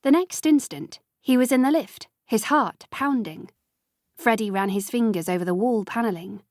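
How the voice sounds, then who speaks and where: A woman reading an audiobook as narrator, in measured, even storytelling. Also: a little high, no echo, clean studio sound. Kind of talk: scripted narration.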